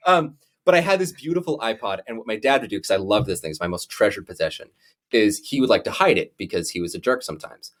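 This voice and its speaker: A young man co-hosting a podcast, telling a personal story in a lively, animated way. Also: lowish voice, fast. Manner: animated storyteller, acts out quotes. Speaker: podcast co-host. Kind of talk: casual chat, storytelling.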